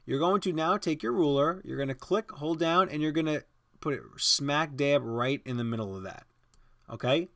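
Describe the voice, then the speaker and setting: A man hosting a software design tutorial, explaining each step casually over a screen recording. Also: on the high side, moderate pace, no echo, studio quality. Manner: casual, step-by-step instruction with fillers.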